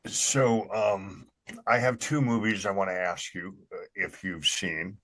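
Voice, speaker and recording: Podcast co-host, man, deep voice, dry close sound, relaxed halting delivery. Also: no room sound. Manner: easygoing, halting with many fillers. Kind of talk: casual chat.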